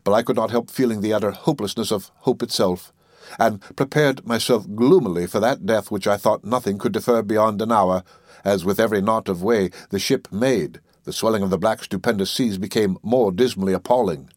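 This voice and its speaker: A man with a fairly low voice reads an old literary tale aloud, measured and solemn in his delivery. The sound is dry and close, with no room around it. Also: dry recording. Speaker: narrator. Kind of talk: audiobook reading of classic literature.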